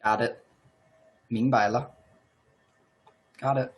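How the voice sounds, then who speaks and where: Slow, patient bilingual male teacher. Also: mid-range voice, fairly even intonation, rough recording. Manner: slow, patient, repeats phrases in two languages. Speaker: language teacher. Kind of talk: bilingual language lesson.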